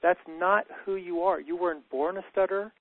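A thoughtful man talks over a thin, phone-like line. His voice sits a little high, and he repeats words as he gathers each thought. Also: fairly even intonation, brisk, dry recording. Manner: warm, thoughtful, repeats words as he starts sentences. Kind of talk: reflective conversation.

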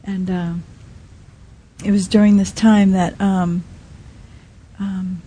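A woman preaching a sermon in a soft, halting way, often dropping to a quiet hush. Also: mid-range voice, flat delivery, husky, poor audio. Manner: soft, halting, many restarts and fillers. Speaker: speaker at a Christian teaching.

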